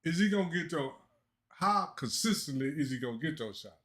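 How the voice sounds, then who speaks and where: Skeptical co-host, slow and measured. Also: male voice, fairly high pitch, expressive, a bit bright. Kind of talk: casual sports talk.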